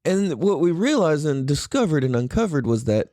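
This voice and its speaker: Casual rambly podcast dude, swears a lot, voice jumps up and down, super dry mic. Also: male voice, a little high, moderate pace, no echo. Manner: excitable, rambling, swears freely. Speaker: podcast host. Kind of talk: casual solo podcast talk.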